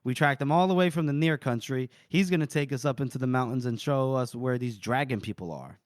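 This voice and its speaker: A man's voice: medium pitch, brisk, no room sound, studio quality, voice pushed down, close to an everyday voice. A man reading as a grim old northerner.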